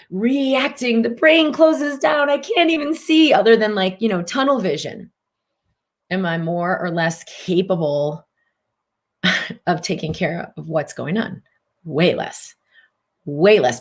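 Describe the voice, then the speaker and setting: A woman with a somewhat low voice hosts a live-streamed mind-body teaching talk. She coaches in an earnest tone and leans on repeated phrases. Now and then she breaks into sudden high bursts to act out someone panicking. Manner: animated, acts out panicked reactions with sudden high outbursts.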